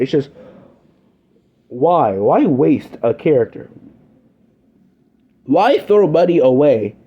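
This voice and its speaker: A man's voice: on the high side, warm tone, slightly rough, muffled recording. A young man giving a scripted review, ranting in an exasperated, sardonic way.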